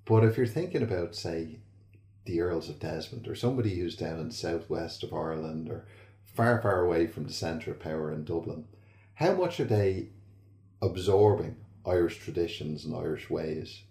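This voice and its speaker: A man hosting an interview, asking measured questions that frame the topic. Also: low-pitched, expressive, warm tone, echoey room. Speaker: podcast host.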